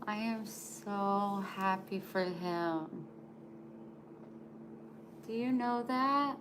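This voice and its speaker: Slow-talking woman cooing to her dog. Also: medium pitch, background noise. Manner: chatty, coos to her dog in baby talk. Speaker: vlogger. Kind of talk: casual live-stream chat.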